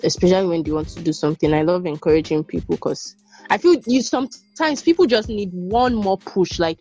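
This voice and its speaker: Husky woman hosting chat. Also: lowish voice, mellow. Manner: cheerful, encouraging, teasing. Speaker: podcast host. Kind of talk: casual chat among friends.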